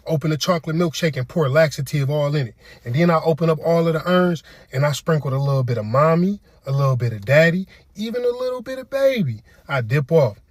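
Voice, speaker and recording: Deadpan man telling a comic story. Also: a little high, dry recording. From Detroit. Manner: deadpan storytelling with voiced quotes. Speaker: comedic storyteller. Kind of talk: comedy skit monologue.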